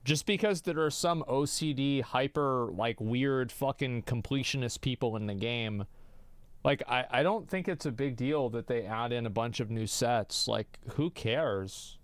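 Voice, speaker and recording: A man streaming as he reacts to a video, blunt and dismissive, swearing freely and breaking into loud mocking rants. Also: mid-range voice, unhurried, smooth, no echo. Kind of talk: casual reaction commentary.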